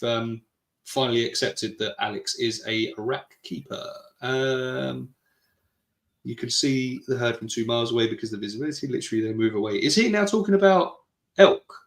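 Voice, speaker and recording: The voice is a British man's, medium in pitch with a fairly bright tone, heard in an echoey room. As co-host of a podcast, he reads live chat messages in a casual manner, poking fun at his partner, arguing, and laughing often.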